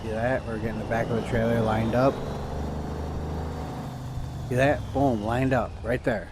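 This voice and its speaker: A man's voice: mid-range voice, little pitch movement, unhurried, noisy background. A man streaming a game, chatting casually and ranting to his viewers with plenty of swearing. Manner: profane, ranting to chat. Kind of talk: casual gameplay chat.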